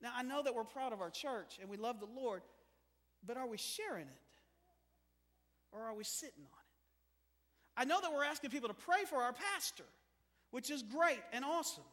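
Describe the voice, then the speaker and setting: A male preacher delivers a sermon with a strikingly high voice. He swings from hushed stretches to loud, animated bursts. The sound carries a long reverberant tail from the church hall. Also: normal speed, long pauses. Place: church sanctuary.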